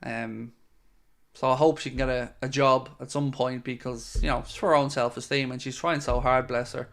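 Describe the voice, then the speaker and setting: Chatty man with a smooth voice. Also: mid-range voice, fairly even intonation, moderate pace, a bit bright. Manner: chatty and friendly, with frequent fillers. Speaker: fan channel host. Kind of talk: casual live-stream chat reading viewer comments.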